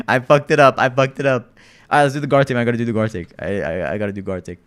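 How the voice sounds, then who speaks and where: Male streamer, casual live chat, laid-back, rambling, animated pitch. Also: very fast.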